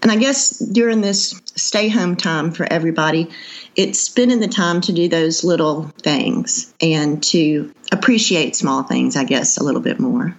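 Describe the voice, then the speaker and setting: Chatty woman, low voice. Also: measured pace, gravelly. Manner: chatty, laughs easily, trails off with fillers. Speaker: cookbook author guest. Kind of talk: casual interview chat.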